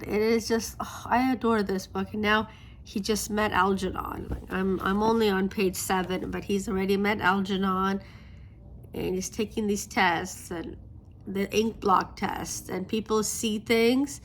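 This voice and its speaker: A woman, a book vlogger, gushing softly about a favorite novel while talking into a phone camera outdoors on a street. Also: mid-range voice, little pitch movement, measured pace. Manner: gushing, soft-spoken, restarts often. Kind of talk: casual vlog chat. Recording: faint street traffic noise.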